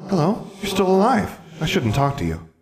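A man reading an audiobook, voicing a spoiled, smug little ghost girl in a high, petulant childish tone. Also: wildly swooping pitch, moderate pace, darkish tone, roomy sound, slight background noise, exaggerated voice. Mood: curious.

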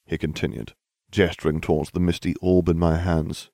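A man's voice: low voice, fairly even intonation, moderate pace, darkish tone, no room sound. A man narrating a fan fiction story in the first person, with dry, wry humor. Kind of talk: fan fiction audiobook reading.

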